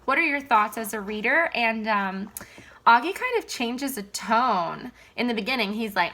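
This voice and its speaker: Bright, encouraging woman teacher. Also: on the high side, normal speed. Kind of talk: classroom read-aloud wrap-up.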